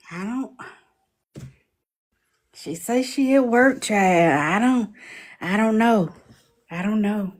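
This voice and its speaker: A woman hosting a live stream, chatting casually and teasing her viewers. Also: a little high. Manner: chatty, teasing, drawn-out asides.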